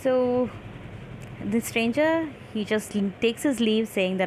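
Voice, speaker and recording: A woman's voice: a little high, animated, slow, a little mellow, a little hiss or hum, poor audio. A woman summarizing a story aloud in a casual teaching style, acting out quoted dialogue, with frequent fillers and restarts. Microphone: phone screen recording.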